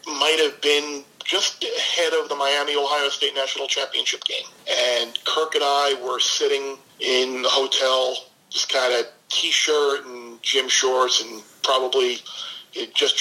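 Bright-voiced man telling animated stories. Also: mid-range voice, low-quality recording. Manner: animated storyteller, quick asides. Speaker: guest sports analyst. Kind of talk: casual podcast interview.

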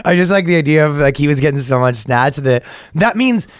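A man's voice: a little high, lively intonation, brisk, clear, resonant tone. A man co-hosting a comedy podcast, chatting casually with crude jokes, rambling and laughing often. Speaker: podcast co-host.

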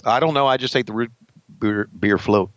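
A man's voice: medium pitch, brisk, fairly bright tone, no room sound, muffled recording. A man in his sixties co-hosting a podcast, chatting casually and laughing over old wrestling footage. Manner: laughing, easygoing, folksy. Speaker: podcast co-host.

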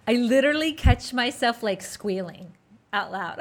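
A woman co-hosting a podcast in casual chat, animated and gushing with quick bursts of enthusiasm. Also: on the high side, very noisy. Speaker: podcast co-host.

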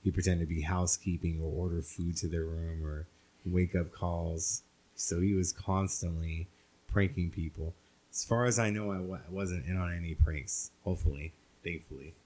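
A man hosting a podcast, commenting in a calm, self-deprecating way. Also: sits low, normal speed. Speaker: podcast host. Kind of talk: casual interview chat.

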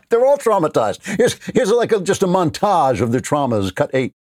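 A man hosting a political talk show, giving sarcastic commentary that turns forceful and emphatic. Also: high-pitched, wildly swooping pitch, measured pace, no echo. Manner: mocking, laughing, then forceful and emphatic.

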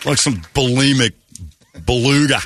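A man hosting a morning radio show, telling jokey stories with loud put-on impressions. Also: medium pitch, flat delivery, moderate pace, very noisy. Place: radio studio.

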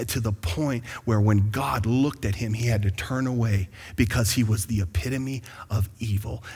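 A man preaching a sermon as pastor to his congregation, calling out to them and building to excited bursts. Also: mid-range voice, normal speed, hardly any pauses, slightly rough, some chatter behind. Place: large church sanctuary. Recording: long hall reverb.

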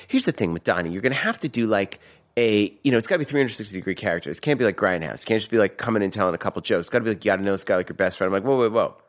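A man with a Boston accent telling a story in a fast, profane, animated way as a guest in a casual chat. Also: lowish voice.

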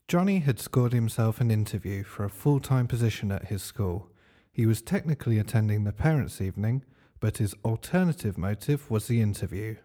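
A man narrating a comic story in a dry, deadpan way. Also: on the low side, brisk.

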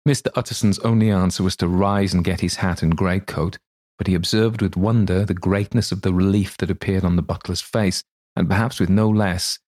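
A man narrating a classic story for a podcast in a measured, even way. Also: low-pitched.

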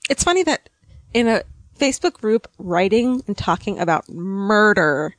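A woman co-hosting a podcast, telling stories in a frank, animated way with casual swearing. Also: medium pitch, moderate pace, dry recording. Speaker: podcast co-host. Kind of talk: casual comedic chat.

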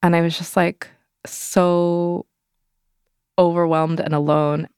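A woman's voice: on the low side, level tone, slow, a little mellow, smooth, dry recording, studio quality. A young woman telling a personal story in an interview, candid and loose, full of "like" fillers. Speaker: interview guest.

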